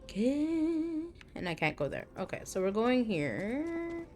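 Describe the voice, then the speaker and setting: A woman's voice: medium pitch, big pitch swings, moderate pace, faint music behind. A young woman streaming a game, chatting casually, joking and reading game text aloud. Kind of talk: casual gameplay commentary.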